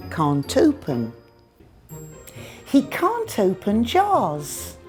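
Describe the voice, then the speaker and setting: British woman, English teacher, mellow tone, very animated intonation, careful word-by-word delivery. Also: medium pitch. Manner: slow, careful demonstrations of pronunciation. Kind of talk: scripted language lesson.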